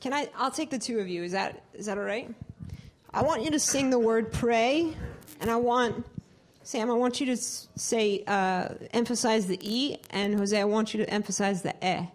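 A woman's voice: a little high, moderate pace. Woman choir director, teaching a singing class, asks the group questions, sings examples. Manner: demonstrates by singing words. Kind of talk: live singing workshop.

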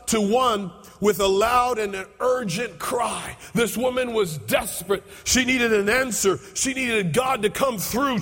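A man preaching a sermon as pastor, repeating his phrases and building up to shouts. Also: extremely high pitch. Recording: echoey hall with long reverb.

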